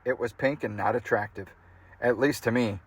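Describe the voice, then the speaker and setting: Guy reading a funny memoir out loud, easygoing, mid-pitched, chuckles at the text sometimes. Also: normal speed, slightly rough. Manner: casual, amused reading that breaks into laughter. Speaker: audiobook reader.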